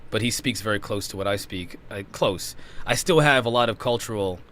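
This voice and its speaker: A man hosting a casual podcast discussion, animated and laughing often, with frequent repeats and restarts. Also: lowish voice, fairly quick, slight background noise. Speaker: podcast host.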